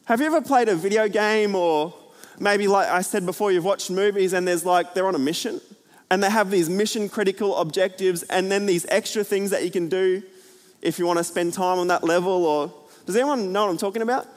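A man preaching a sermon to a church, chatty and energetic, full of fillers and jokes. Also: sits high, a little fast. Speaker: pastor. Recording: hall reverb.

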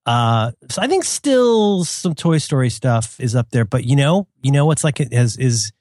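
A middle-aged man chatting as a podcast co-host, playful and animated, slipping into goofy bits. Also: medium pitch, normal speed, no echo, studio quality. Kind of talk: casual chat.

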